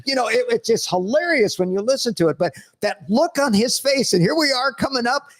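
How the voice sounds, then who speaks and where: High-voiced older man telling lively stories. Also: fairly quick. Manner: animated storyteller, laughs through anecdotes. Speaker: guest, retired school principal. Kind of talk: live podcast storytelling. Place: studio.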